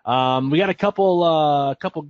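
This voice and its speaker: A man's voice: fairly high pitch, normal speed, no room sound, highs cut off. A man hosting a webinar, effusive and enthusiastic, thanking the speaker and reading out comments. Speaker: webinar host.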